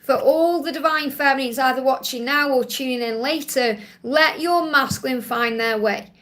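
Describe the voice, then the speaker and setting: A woman's voice: high-pitched, moderate pace, fairly bright tone. A woman hosting a live Q&A stream, doing tarot readings in a soothing, reassuring way and repeating her key phrases.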